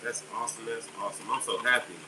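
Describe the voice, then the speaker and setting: A middle-aged man with a fairly low voice talks fast, sitting far from the mic as he hosts a casual live stream selling fishing jigs. He's chatty and upbeat, answering viewers' comments while an air conditioner hums steadily in the background.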